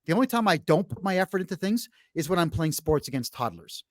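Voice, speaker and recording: With big swings in his slightly high pitch, this fast-talking podcast host, a brash middle-aged man, bluntly relates a long story in a casual chat. Fillers and restarts come often, and the clean studio sound carries no room echo.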